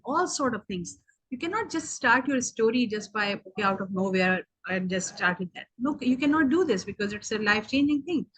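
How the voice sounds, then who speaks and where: A woman whose first language is Urdu speaks earnestly in a casual video meeting, rambling and filling her speech with many "okay"s. Her voice is fairly high and husky, and the recording quality is low.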